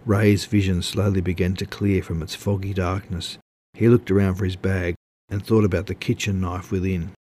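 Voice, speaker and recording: Male narrator; very low voice, measured storybook reading. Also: little pitch movement, dark tone. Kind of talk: audiobook narration.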